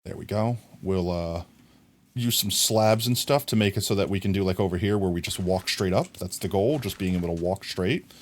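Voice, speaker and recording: In a deep voice, a young live streamer talks casually and thinks out loud as he builds something in a game. His mood is playful, and he readily laughs at himself.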